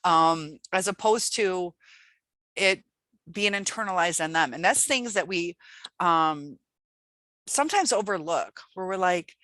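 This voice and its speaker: A woman's voice: fairly low pitch, takes it slowly, pauses often, a bit bright, dry recording. A woman hosting her own channel, giving casual advice in a rambling way, with many fillers and restarts. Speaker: channel host.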